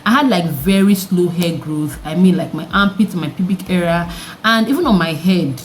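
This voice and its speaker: A young woman with a deep, mature-sounding voice, chatting candidly to camera in an animated way and throwing questions at her viewers. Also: moderate pace, a little hiss or hum. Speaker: vlogger. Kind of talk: candid vlog chat to camera.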